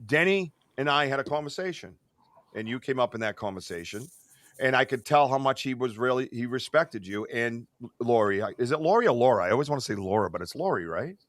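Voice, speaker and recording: A man chats on a podcast in an excitable, rambling way, full of fillers and restarts. His voice is bright and forceful. The sound is dry and close. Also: mid-range voice, fairly quick, dry recording. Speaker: podcast host. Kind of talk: casual podcast chat.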